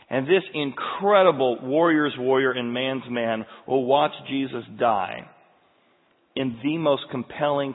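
Male preacher, slightly high and husky, swings from hushed to loud, lo-fi tinny sound in a big reverberant hall. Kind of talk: sermon.

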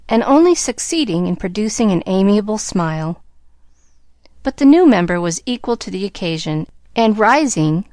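A woman reading a classic novel aloud as an audiobook narrator, clear and measured. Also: on the low side, no room sound, clean studio sound. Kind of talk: storybook narration.

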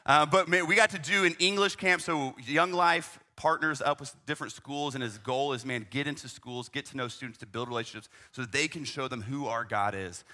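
A man's voice: medium pitch, a little fast, hardly any pauses, bright, forceful tone. A young man, a youth ministry leader, telling a travel story in a conversational way, full of "man" and "right?" asides. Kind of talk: storytelling talk.

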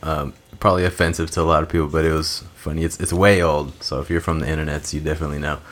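A man's voice: a bass voice, little pitch movement, quick pace, a bit bright. A man co-hosting a podcast in casual chat, throwing in dry, teasing quips. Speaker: podcast co-host.

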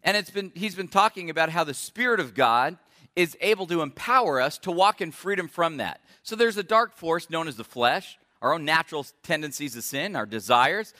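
A man's voice: high-pitched, bright, forceful tone. A man preaching a sermon as a pastor in a church, friendly and asking his congregation questions. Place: church sanctuary. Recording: echoey church hall.

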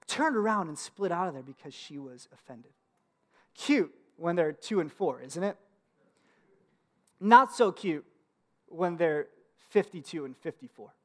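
A man's voice: high-pitched, fairly bright tone. A man in his thirties preaching a sermon in a conversational storytelling way, with casual fillers and laughs. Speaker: pastor.

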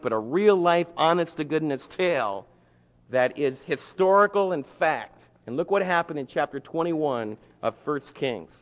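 A man preaching a sermon, retelling a story in a lively, colloquial way. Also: fairly high pitch, in a large hall.

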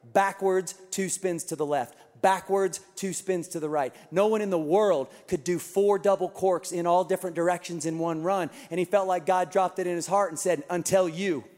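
A man preaches to his congregation, acting out the voices of the people in his story with lively energy. His voice sits a little high for a man. The sound carries the long reverb of a large church auditorium. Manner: animated storytelling, acting out quotes. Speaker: pastor. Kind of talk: sermon.

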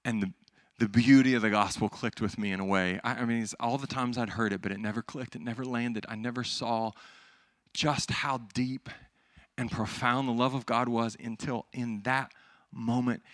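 A young man preaching a sermon, animated and emphatic, moving between loud peaks and hushed asides. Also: mid-range voice, moderate pace, no echo, studio quality. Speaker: pastor.

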